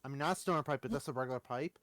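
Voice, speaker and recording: A man's voice: medium pitch, very fast, a bit bright, no room sound. A man in a casual voice chat, rambling and restarting his sentences as he talks. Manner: rambling, full of fillers and restarts.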